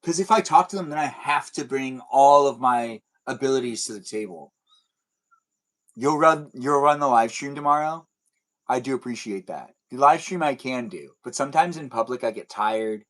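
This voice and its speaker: Answering his viewers' comments, the young man running this laid-back livestream jokes around and rambles, often at his own expense. His mid-range voice is fairly bright and moves at a moderate pace over a rough recording.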